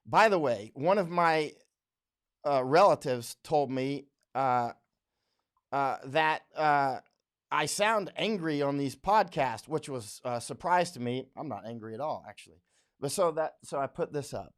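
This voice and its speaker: A man's voice: mid-range voice, lively intonation, unhurried. A man hosting a live stream, talking bluntly and combatively, repeating points as he goes. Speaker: livestream host, war correspondent.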